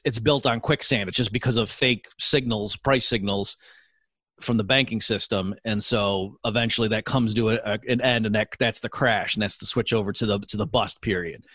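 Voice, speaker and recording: A man's voice: mid-range voice, fairly even intonation, moderate pace, a bit bright, breathy edge, no room sound. A middle-aged man, an economist guest in an interview, explaining his field in an earnest, lecturing way. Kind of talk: interview answers.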